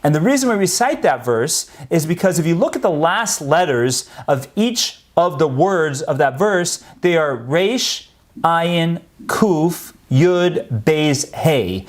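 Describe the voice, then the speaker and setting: Animated male history lecturer. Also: on the high side, takes it slowly, soft background music. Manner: animated storytelling, acting out quotes. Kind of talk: storytelling lecture.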